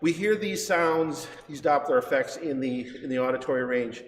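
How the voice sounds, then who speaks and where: Speaking at normal speed in a mid-range voice, a man teaches a livestreamed science demonstration as a science center educator. He wanders chattily, often laughing and correcting himself. The exhibit hall setting makes the recording echoey, with a little faint noise.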